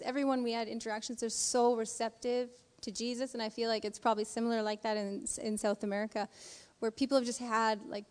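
A woman speaking in a church service, telling a personal story in an animated way and acting out the voices in it. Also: on the high side. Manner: animated storytelling with acted quotes. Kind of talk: sermon testimony. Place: church sanctuary. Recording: reverberant church hall.

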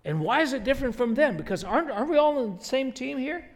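A man's voice: very high-pitched, very animated, quick pace. A male pastor preaching a sermon in a conversational, emphatic way, full of rhetorical questions. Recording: long hall reverb.

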